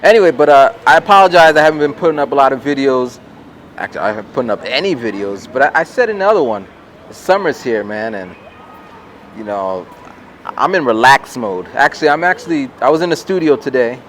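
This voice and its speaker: A man's voice: mid-range voice, a little fast. Guy in his 40s rambling thru a story, voice jumps all over, bit of street noise behind. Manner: rambling, animated impressions of people in stories. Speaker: vlogger and rapper. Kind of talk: casual storytelling vlog.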